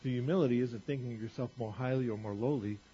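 A male pastor preaching a sermon in a conversational way, repeating phrases and rising in pitch for emphasis. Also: fast talker, mellow, breathy edge. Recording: dull lo-fi recording.

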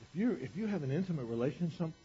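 A man preaching a sermon in an animated, conversational way, acting out quotes as he goes. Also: fairly high pitch, quick pace. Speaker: pastor. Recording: dull lo-fi recording.

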